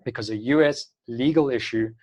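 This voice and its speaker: Brisk man teaching. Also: medium pitch, darkish tone, highs cut off. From South Africa. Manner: brisk, practical, advisory. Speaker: instructor. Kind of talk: online class lecture.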